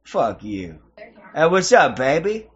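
A man's voice: a little high, sing-song, slow, fairly bright tone, slight background noise. A man hosting provocative video chats with strangers, talking in a taunting, mocking, crude way over lo-fi audio. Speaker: host of a video-chat prank stream. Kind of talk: provocative casual chat with strangers. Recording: lo-fi online video-chat audio.

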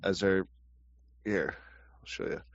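A man's voice: sits low, fairly even intonation, slow pace, no echo, lo-fi sound. A man in casual chat, rambling and cursing with frequent restarts as a co-host. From Canada. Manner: rambling, profane, laughs often.

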